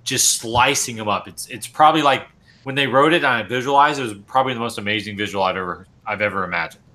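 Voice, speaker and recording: A man co-hosting a wargaming podcast, talking excitedly with many likes. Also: medium pitch, quick pace. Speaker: podcast co-host. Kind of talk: casual chat.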